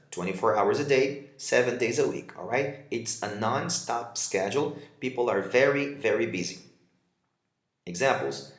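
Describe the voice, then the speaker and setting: Male English teacher, Portuguese native, lively intonation, roomy echo. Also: mid-range voice. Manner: reads example dialogues and explains them, switching to Portuguese for translations. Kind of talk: vocabulary lesson.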